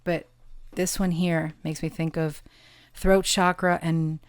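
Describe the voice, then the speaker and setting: Earnest low-voiced woman giving a tarot reading. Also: level tone, clean tone, no room sound. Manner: slow, earnest and affirming, drawing out key words; gets emotional and laughs softly at times. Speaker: tarot card reader. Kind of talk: intimate pick-a-card tarot reading.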